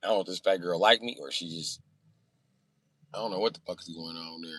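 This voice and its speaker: Young male streamer, brash and crude, lowish voice with a bright, punchy edge. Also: quick pace. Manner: profane, boastful storytelling; swings between loud outbursts and low mutters. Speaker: livestreamer reading chat. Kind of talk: casual live-stream chat.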